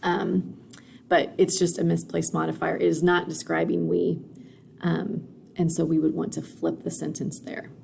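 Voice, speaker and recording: A woman's voice: fairly low pitch, little pitch movement, normal speed, creaky, darkish tone, a little hiss or hum. A woman teaching a recorded grammar lesson, explaining patiently with frequent fillers and "okay?" check-ins.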